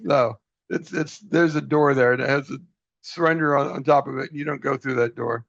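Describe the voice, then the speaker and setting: A man's voice: medium pitch, fairly even intonation, moderate pace, vocal fry, a bit bright, no echo. Man group leader on a video call, earnest, laughs often, dull dry sound. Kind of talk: casual group talk.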